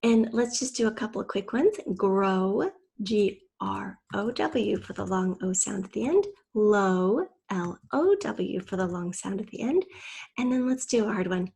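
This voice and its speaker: A woman teacher giving a patient online spelling lesson to young children, sounding out letters slowly and clearly. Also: medium pitch, lively intonation, darkish tone.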